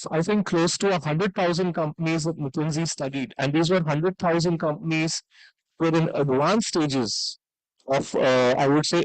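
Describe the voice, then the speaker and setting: A man's voice: fairly high pitch, no echo, low-quality recording. Man giving a conference keynote. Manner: conversational, frequent "right?" tags and "uh" fillers. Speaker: conference speaker. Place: conference hall.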